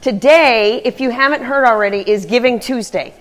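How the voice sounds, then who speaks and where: A woman's voice: a little high, normal speed. Chatty woman, slightly out of breath. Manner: chatty, rambling, earnest. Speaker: running vlogger. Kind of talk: casual vlog talk. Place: gym.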